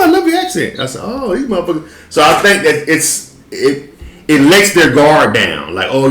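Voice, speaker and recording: A man in casual chat, telling a story in a relaxed, profane way with frequent laughs. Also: fairly high pitch, reverberant, a little hiss or hum, poor audio. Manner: laid-back, profane, laughs while telling stories.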